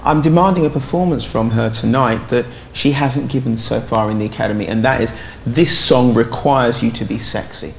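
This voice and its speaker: A man's voice: mid-range voice, normal speed, gravelly, few pauses, roomy sound, slight background noise. A man coaching a singer in a demanding, emphatic way. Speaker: vocal coach.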